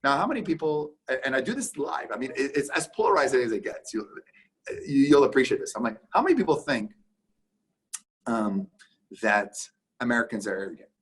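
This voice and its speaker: A man's voice: mid-range voice, big pitch swings, fairly bright tone, husky. A man from Canada, a guest on a business podcast, talking emphatically and acting out both sides of conversations. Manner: emphatic, acts out conversations in quick back-and-forth. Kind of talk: casual podcast interview.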